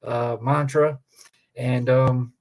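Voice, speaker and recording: A man chatting loosely on a podcast as a wrestler guest. His voice sits at an ordinary middle pitch. He rambles with eager enthusiasm, tossing in "man" as he goes. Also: flat delivery, very slow, darkish tone. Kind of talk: casual podcast chat.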